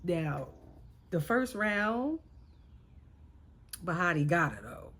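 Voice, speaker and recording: A woman's voice: on the low side, big pitch swings, slow, fairly bright tone, husky. A woman recapping a reality show in casual chat, sassy and exasperated as she talks to her viewers.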